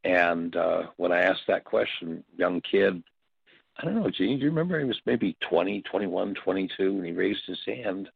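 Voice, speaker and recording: Deep, gravelly older man teaching. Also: expressive, no echo. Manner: reflective, halting storytelling. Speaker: workshop leader and teacher. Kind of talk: spoken teaching talk with stories. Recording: dull, dry lo-fi audio.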